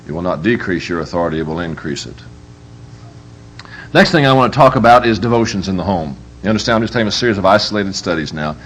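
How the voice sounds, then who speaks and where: A man's voice: sits low, fast, a little hiss or hum. A man giving a humorous live parenting workshop as a preacher, telling stories with emphatic, joking delivery. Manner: lively, joking, emphatic storytelling.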